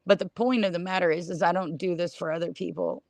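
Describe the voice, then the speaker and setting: A woman's voice: fairly low pitch, fairly even intonation, fast, creaky, dry recording. A middle-aged woman streaming a blunt, scornful rant, swearing in nearly every sentence. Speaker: livestreamer. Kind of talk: profane livestream rant.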